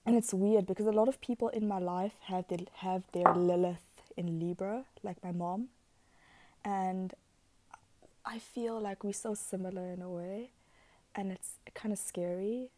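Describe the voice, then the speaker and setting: A woman's voice: medium pitch, a little mellow. A woman giving a casual, rambling astrology talk, giggly and chatty, who swears freely and slips into whispered asides. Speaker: astrology vlogger.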